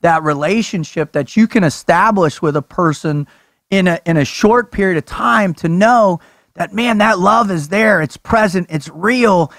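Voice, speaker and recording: A man hosting a podcast, talking with excitable energy, swearing and calling his guests brother and dude. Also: high voice, a little slow, no echo, studio quality. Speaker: podcast host. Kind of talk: energetic casual chat.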